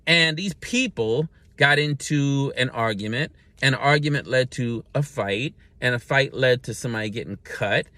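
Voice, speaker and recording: Guy doing his saturday rant, blunt and sarcastic, cusses a lot, bright edgy voice, dry close mic. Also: medium pitch, no echo. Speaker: host of a weekly rant show. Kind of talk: unscripted solo rant.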